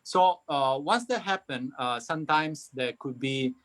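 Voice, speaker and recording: A man's voice: fairly high pitch, a little slow, a bit bright. A man with an Italian accent, a company founder speaking as a guest in a casual live interview, hesitant and full of fillers and restarts.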